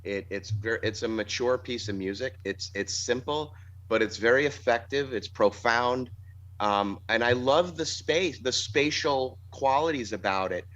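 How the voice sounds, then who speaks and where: A man's voice: medium pitch, unhurried, fairly bright tone. A man, a band's singer, talking about his songs in a casual interview, thoughtful and rambling with restarts. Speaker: band singer. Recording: dull lo-fi sound.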